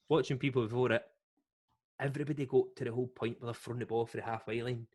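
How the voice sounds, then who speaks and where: A man's voice: medium pitch, fairly even intonation, fast talker, darkish tone. A man with a Scottish accent, a podcast host telling a rambling story in casual chat and swearing freely.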